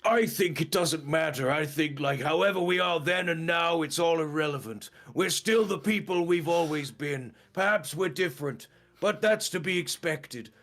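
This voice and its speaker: A man's voice: on the high side, moderate pace, fairly bright tone, pitched above the performer's own voice, close to an everyday voice. A man doing a proud alien prince's grand speech. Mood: earnest.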